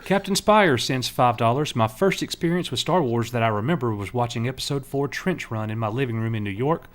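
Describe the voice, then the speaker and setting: A man co-hosting a casual live stream in a mid-pitched, everyday voice. He reads viewer donations aloud and jokes around between them. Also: lively intonation, fairly quick. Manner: playful, joking, reads messages aloud.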